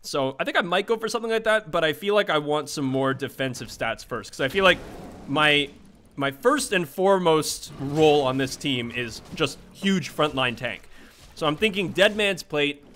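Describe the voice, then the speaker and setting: Bright, excitable gaming commentator man. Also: a little high, moderate pace, a little hiss or hum. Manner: chatty, excitable, swears at teammates. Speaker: gaming streamer. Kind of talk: live gameplay commentary.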